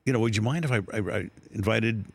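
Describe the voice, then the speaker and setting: A man's voice: fairly low pitch, quick pace, creaky, dry recording. An older man, a sports broadcaster being interviewed, telling anecdotes with laughter and rising quoted voices on a studio mic. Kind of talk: storytelling interview.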